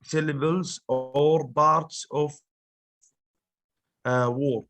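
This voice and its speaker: A man whose first language is Arabic, a student in an English lesson, speaking haltingly with many fillers. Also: a little high, fairly even intonation, fairly bright tone.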